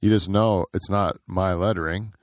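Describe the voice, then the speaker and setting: Middle-aged guy rambling on a podcast, lowish voice, dry close mic, laughs a lot. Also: fairly even intonation, moderate pace, dry recording. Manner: rambling, laughs often, many fillers. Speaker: podcast co-host. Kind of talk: casual chat.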